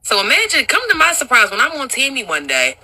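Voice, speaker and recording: A young woman telling a story to her viewers in a very bright, sharp voice. She talks in an animated, profane way and laughs often as she goes. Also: high-pitched, fast, low-quality recording. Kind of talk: casual storytime monologue.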